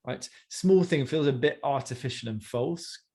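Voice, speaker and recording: Male coach, mid-pitch, gives chatty encouraging feedback in a one-on-one session. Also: moderate pace, darkish tone. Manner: encouraging, conversational, many fillers.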